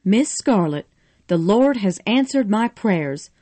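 A devoted older housekeeper fusses and comforts in a mellow, unhurried voice, as a woman reader puts her on. She is a storybook figure, motherly and steady. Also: medium pitch. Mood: tender. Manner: fussing, comforting.

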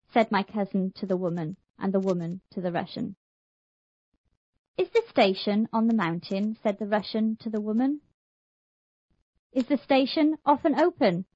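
A woman reading English textbook material aloud with a crisp, rhythmic recitation. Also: mid-range voice, a little mellow, dry recording, lo-fi sound. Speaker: textbook audio reader. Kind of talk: scripted lesson reading.

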